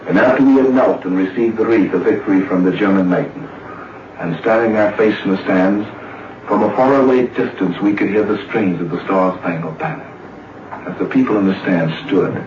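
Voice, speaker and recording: Deep-voiced man telling an old story. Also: slight background noise. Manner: measured, deliberate storytelling. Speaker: athlete recalling a race. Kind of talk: reflective spoken recollection. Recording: muffled, distant, roomy archive recording.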